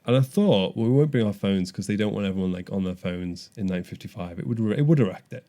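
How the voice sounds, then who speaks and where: A man's voice: fairly low pitch, fast talker, mellow. A young man co-hosting a podcast, telling a story animatedly with frequent restarts. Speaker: podcast co-host. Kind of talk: casual chat.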